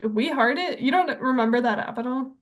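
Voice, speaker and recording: A woman's voice: sits high, brisk. A young adult woman co-hosting a podcast, retelling a film in a chatty way, full of "like" and acted-out quotes. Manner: chatty storyteller, many "like"s, acts out quotes. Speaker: podcast co-host. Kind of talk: casual chat.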